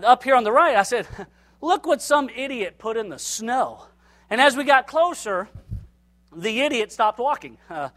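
Casting: male preacher, high and bright voice, animated storyteller who acts out every line of dialogue. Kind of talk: sermon storytelling.

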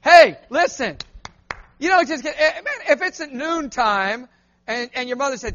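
A man preaching a lively sermon in a church, calling on the crowd to answer him back. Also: very high voice, measured pace, highs cut off. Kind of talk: lively call-and-response sermon.

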